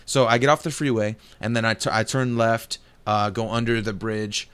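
A young man co-hosting a casual gaming podcast, telling a long story in a relaxed way, laughing often and swearing freely. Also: lowish voice, moderate pace, clean tone. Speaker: podcast co-host.

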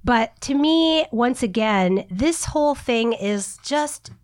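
A woman's voice: on the high side, slow. Laughing middle-aged woman with a cough. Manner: animated, laughs often, swears casually. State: has a cough. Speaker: podcast co-host. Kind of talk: casual chat.

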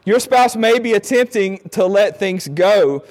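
Middle-aged man, high voice, earnest conversational talk on marriage, acts out quoted lines. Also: animated, measured pace. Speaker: speaker on marriage. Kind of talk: informal talk on marriage advice.

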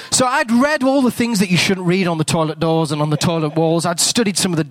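High-voiced preacher telling a story. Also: male voice, fast, hardly any pauses, dry recording. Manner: animated, self-deprecating, acts out dialogue. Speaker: guest speaker. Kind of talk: humorous sermon storytelling.

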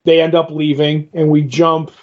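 A man's voice: on the high side, level tone, moderate pace. A man casually retelling a comic book story in a podcast chat, rambling and acting out quoted lines. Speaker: podcast co-host. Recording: dull lo-fi recording.

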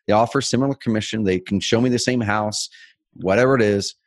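Fast-talking low-voiced man. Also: dry recording. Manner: energetic, fast, animated storytelling. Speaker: co-host. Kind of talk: casual business chat.

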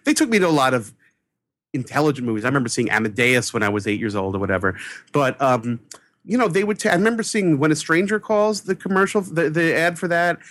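A movie critic from New York telling an animated personal story, excitable and acting out the voices of the people in it. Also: male voice, quick pace, no echo, studio quality. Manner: excitable, acts out quoted voices with big pitch jumps. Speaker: movie critic, podcast guest.

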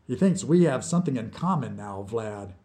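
A man's voice: medium pitch, lively intonation, normal speed, mellow, close to an everyday voice. Man doing wary young soviet rocket man, matter-of-fact, close to his own plain voice, story reading.

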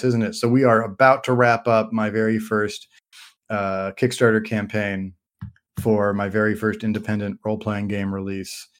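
A man co-hosting a casual podcast chat, chatty and playful, talking about films and his games. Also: lowish voice. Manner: chatty, playful, some restarts. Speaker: podcast co-host, game designer.

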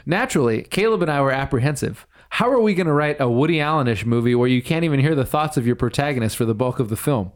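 A man's voice: medium pitch, lively intonation, fast, few pauses. A man hosting a casual chat, rambling with many fillers and reading a blog excerpt aloud. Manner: rambling, lots of fillers, laughs often.

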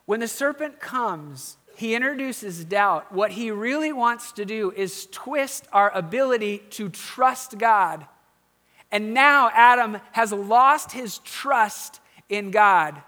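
A man delivers a sermon in a high, bright voice. He talks to his listeners conversationally, drops low for quiet asides, and rises to press his questions home. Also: slow. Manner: conversational preaching, dropping to quiet asides and rising to emphatic questions. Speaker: pastor.

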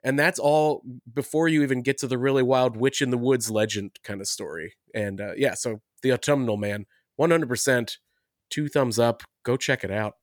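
A man co-hosting a comics podcast, enthusiastic and quick to laugh while recommending books. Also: mid-range voice, no echo, clean studio sound. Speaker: podcast co-host. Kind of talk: casual podcast chat.

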